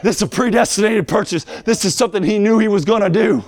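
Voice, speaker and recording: A man preaching a fiery sermon, shouting in a sing-song cadence with swings up and down in pitch. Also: quick pace.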